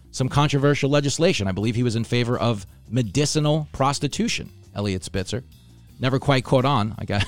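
A man's voice: mid-range voice, dry recording. A man from Long Island, hosting a casual comedy show, joking and sarcastic about himself and the news. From Long Island, New York. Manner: joking, sarcastic, self-deprecating. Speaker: podcast host.

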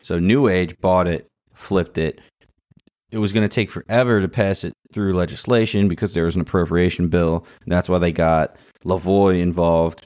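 Co-hosting a podcast, a deep-voiced man chats casually, recapping a TV episode in an animated way and performing the scenes. It's a dry, studio-quality recording.

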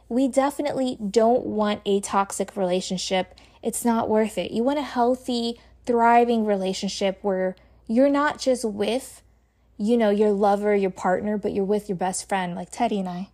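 A woman's voice: medium pitch, moderate pace, a little mellow. A woman co-hosting a relationship podcast with her partner, talking in a casual, playful and teasing way. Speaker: podcast co-host. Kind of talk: casual couple's podcast chat.

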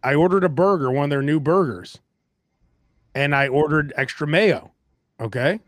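A man hosting a casual food podcast, chatty and animated, getting loud when he rants. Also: fairly high pitch, normal speed, no room sound, clean studio sound. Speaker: podcast host. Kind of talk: casual chat.

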